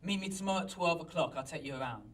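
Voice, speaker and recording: A man's voice: fairly high pitch, rapid-fire, fairly bright tone, natural voice. A man voicing a big, eager male landlord making boastful promises, heard from a distant mic.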